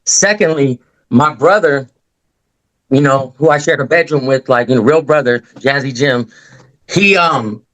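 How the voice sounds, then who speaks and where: A man's voice: medium pitch, measured pace, a bit bright, poor audio. A man, a new real estate agent, sharing a win on a group video call. He rambles and speaks in slang, acting out the people in his stories. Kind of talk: casual storytelling on a group call.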